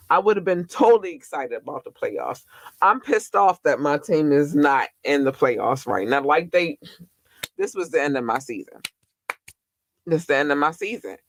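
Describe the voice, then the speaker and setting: A man's voice: on the high side, fairly bright tone, no room sound. A man hosting a casual gossip podcast, chatty and candid, with slang and the odd swear word. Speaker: podcast host. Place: Baltimore.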